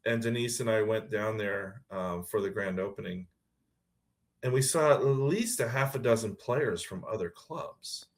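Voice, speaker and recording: Low-voiced man telling lively stories. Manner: lively storytelling, quick to laugh. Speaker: guest, pickleball club founder. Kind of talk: casual podcast chat.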